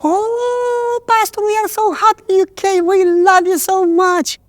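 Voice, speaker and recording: A man putting on a gushing, high-pitched pious lady. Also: level tone, measured pace, no echo, studio quality. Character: sugary, overly pious woman, high and breathy.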